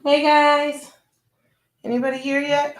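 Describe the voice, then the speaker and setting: A woman's voice: high-pitched, level tone, measured pace. A woman hosting a casual livestream, chatting loosely and greeting viewers one by one by name. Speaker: livestream host.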